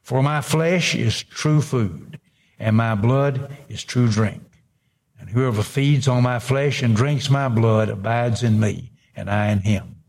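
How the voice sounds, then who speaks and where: A man's voice: mid-range voice, takes it slowly, creaky, a little mellow. A man preaching a sermon, reading scripture aloud and breaking in with emphatic asides. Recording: long hall reverb.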